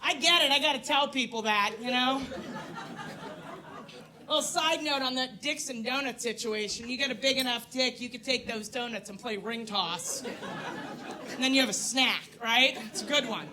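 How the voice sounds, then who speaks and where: Brash high-voiced female stand-up comic. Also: unhurried, pauses often, a crowd in the background. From New York. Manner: brash, crude, self-mocking, loud put-on voices in bits. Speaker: stand-up comedian. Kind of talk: stand-up comedy set. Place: comedy club stage, live audience.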